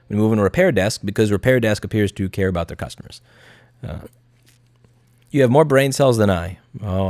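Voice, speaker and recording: A man talks to his live-stream chat in a low voice that swings widely in pitch. He is blunt and profane and drops into sarcastic impressions of the people he mocks. The sound is close and dry. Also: a little mellow, no room sound. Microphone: studio mic.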